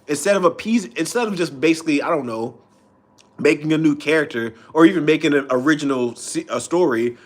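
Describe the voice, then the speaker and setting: A man's voice: on the high side, a little fast. A man streaming, ranting in a loose, profane way with frequent restarts. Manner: profane, rambling, restarts often. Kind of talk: casual rant.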